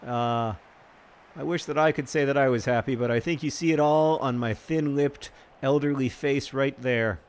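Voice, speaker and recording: A man hosting an advice segment while playing a football manager game, rambling and halting when reflective and bursting into loud, frustrated outbursts at the match. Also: medium pitch, clear, resonant tone. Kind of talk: casual commentary over gameplay.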